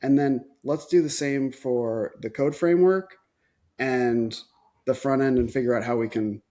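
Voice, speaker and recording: A man with a mid-range voice, talking through his ideas in a relaxed podcast chat. He is thoughtful and reflective, and often circles back mid-sentence. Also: mid-range voice, measured pace. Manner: thoughtful, thinks aloud with restarts. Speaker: agency owner. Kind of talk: casual podcast conversation.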